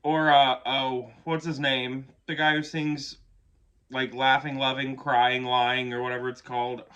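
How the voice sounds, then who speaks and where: A man's voice: medium pitch, level tone, a little slow, sharp tone, smooth. A man giving casual reaction commentary on an album, gushing and chatty, who swears casually and keeps yawning. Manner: yawns often. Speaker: music reaction youtuber.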